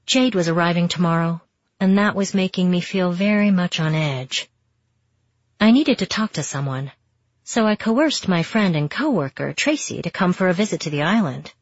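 A woman narrating a first-person romance novel in a steady, intimate storytelling manner. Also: lowish voice, moderate pace, no room sound, dull audio. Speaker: audiobook narrator.

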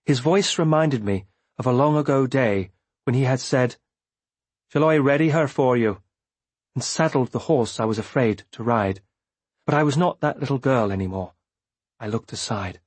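A male audiobook narrator reading in a measured first-person voice. His tone is husky and slightly breathy, with a mid-range pitch. The recording is dry and close. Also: no room sound. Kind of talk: scripted narration.

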